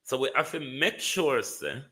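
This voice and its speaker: A man's voice: mid-range voice, sing-song, measured pace, pushed and bright. A man with a Jamaican accent hosting a live stream, giving casual political commentary, greeting viewers by name and repeating words for emphasis.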